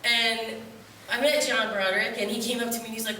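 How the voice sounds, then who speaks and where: A woman from upstate New York tells loose, joking stories full of asides, with a bright, fairly high voice. She is heard from a distance in a very echoey theater, and a faint hum of the room sits underneath. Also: level tone, fast talker. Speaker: poet performing at a festival. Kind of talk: rambling comic stage storytelling. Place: theater stage before an audience.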